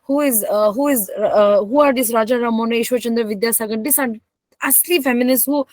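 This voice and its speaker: A woman's voice: on the high side, fast, a little mellow, dry recording. A woman teacher, giving a classroom history lecture and firing rhetorical questions at her class. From Northeast India. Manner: emphatic, code-switching, asks the class rhetorical questions.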